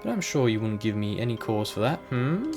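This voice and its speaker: A man's voice: fairly low pitch, very animated, brisk, darkish tone, soft background music. A man voicing a prim late-middle-aged woman librarian who speaks sweetly but sharply and calls people dearie, while reading game dialogue aloud. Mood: sugary.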